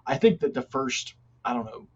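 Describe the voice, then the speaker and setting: Man, husky voice, podcast co-host, rambling, muffled lo-fi sound. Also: mid-range voice, sing-song, normal speed. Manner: thoughtful, rambling opinions. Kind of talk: casual chat.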